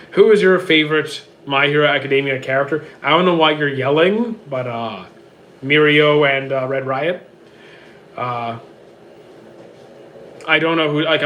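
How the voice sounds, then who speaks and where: A man with a hoarse, worn-out voice reads out viewer questions and answers them offhand in casual livestream chat from home. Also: medium pitch, fairly bright tone, slight background noise. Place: home with roommates.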